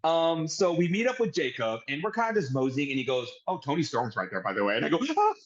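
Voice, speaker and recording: A man co-hosting a podcast, telling a story in casual chat with animated, profane delivery. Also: on the high side, fast talker, lo-fi sound. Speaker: podcast co-host.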